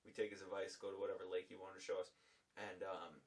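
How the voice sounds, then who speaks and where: Young guy on a podcast telling a story, lowish voice, swears a lot, kinda far from the mic. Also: fast talker. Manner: animated, swears freely, acts out quoted dialogue. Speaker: podcast guest. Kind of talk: casual storytelling chat.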